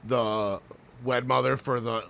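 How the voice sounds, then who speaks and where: A man's voice: medium pitch, fairly even intonation, slow pace, creaky, bright, forceful tone, a little hiss or hum. A man co-hosting a podcast, rambling through a story, swearing often and laughing as he goes. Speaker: podcast co-host. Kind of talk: casual profane chat.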